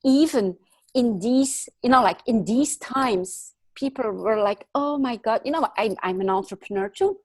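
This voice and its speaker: A woman's voice: fairly high pitch, lively intonation, unhurried, husky, dry recording. A woman in her thirties, a guest in an interview, telling a personal story in an earnest, reflective way with many fillers.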